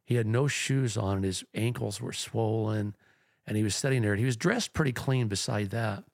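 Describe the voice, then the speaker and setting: A man with a gravelly voice and a little vocal fry, recounting an old ministry story as a pastor. He wanders and restarts as he goes, earnest and plain-spoken, close and dry on the mic. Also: fairly low pitch, normal speed, no room sound. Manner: rambling, earnest anecdote telling. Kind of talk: storytelling in a podcast chat.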